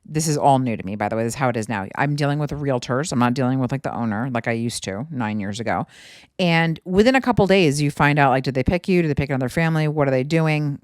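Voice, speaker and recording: A woman's voice: a bass voice, lively intonation, fast talker, darkish tone, dry recording, clean studio sound. A woman in her thirties hosting a podcast, chatting at home in a rambling, casual storytelling way full of asides. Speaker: podcast host.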